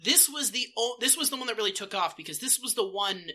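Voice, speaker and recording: A man co-hosting a podcast in casual chat, animated and swearing, slipping into mock voices. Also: sits high, quick pace. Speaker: podcast co-host.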